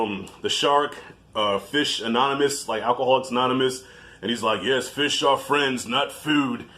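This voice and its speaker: A man in his thirties giving a casual, animated film review in slangy talk, laughing easily. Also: mid-range voice.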